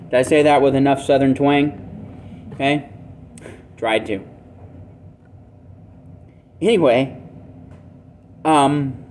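Male pastor mid-sermon, earnest and plain, voice a touch high, faint ambience behind. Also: darkish tone, a little hiss or hum. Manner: earnest, plainspoken, self-deprecating asides.

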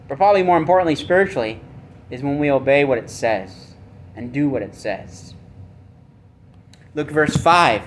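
A man preaching a sermon with emphasis, asking rhetorical questions and swinging between loud and soft. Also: a little high, a little hiss or hum. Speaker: pastor.

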